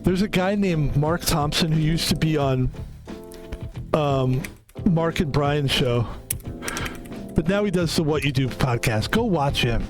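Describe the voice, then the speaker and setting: A man's voice: a little high, lively intonation, unhurried, pauses often. A man streaming from home, rambling through a casual sign-off with music playing behind him. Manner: rambling, chatty, self-promoting. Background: background music.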